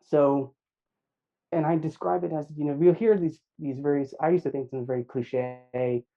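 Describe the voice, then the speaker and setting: A middle-aged man recounting a near-death experience in an interview, reflective and halting, with many fillers and restarts. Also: fairly high pitch, steady tone, vocal fry, lo-fi sound. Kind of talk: personal account in an interview.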